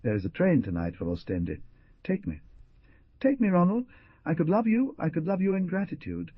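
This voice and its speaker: Brief: man putting on a high, tremulous young society woman begging for rescue, audiobook, husky and lively, dry lo-fi sound. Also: a little fast, dry recording, heavily acted. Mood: desperate. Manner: tremulous, imploring. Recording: dull lo-fi dry recording.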